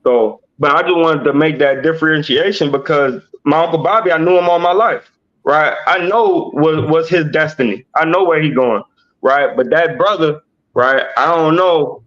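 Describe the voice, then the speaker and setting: A man leading a Bible study livestream, explaining slowly and checking in with "right?" after nearly every point. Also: a little high, dull audio. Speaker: teacher.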